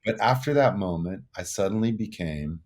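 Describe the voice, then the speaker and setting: A man's voice: low voice, animated, moderate pace, a little mellow. A man in his sixties, a musician guest telling stories in an earnest, reflective way, often repeating words as he thinks. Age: 60s. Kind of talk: casual interview storytelling.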